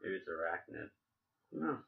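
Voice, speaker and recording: A man's voice: sits low, sing-song, moderate pace, vocal fry, narrow, tinny audio. Rambling joking man on a podcast. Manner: rambling, joking, many fillers and restarts. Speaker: podcast host. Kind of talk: casual chat.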